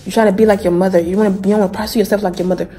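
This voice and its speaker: A stern grandfather in his later years, lecturing a grandchild, as a young woman puts him on in her own voice. He repeats the same reproach several times, flat and disapproving. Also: high-pitched, very fast. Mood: scolding. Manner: lecturing, repetitive.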